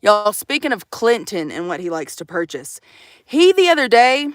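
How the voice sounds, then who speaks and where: Streaming live from her van, this young woman keeps things sassy and casual, cursing, ribbing her audience, and addressing them as "y'all." Her medium-pitched voice is very animated at a moderate pace, in a dry, studio-quality recording.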